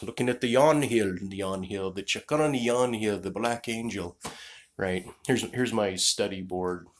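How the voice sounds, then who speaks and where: A man telling a rambling travel story as a vlogger, digressive and profane, often losing his train of thought. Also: lowish voice. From United States.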